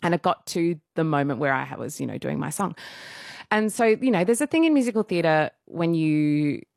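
Low-voiced woman, chatty radio guest. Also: normal speed, gravelly, no echo, studio quality. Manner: animated, laughing, self-deprecating. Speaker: musical theatre performer, guest. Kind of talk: casual radio interview storytelling.

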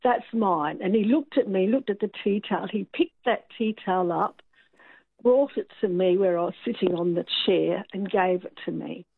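Over a tinny telephone line with no echo, a radio call-in caller shares an anecdote, chatty yet hesitant. Her medium-pitched voice is creaky and slightly rough, and she speaks at a moderate pace.

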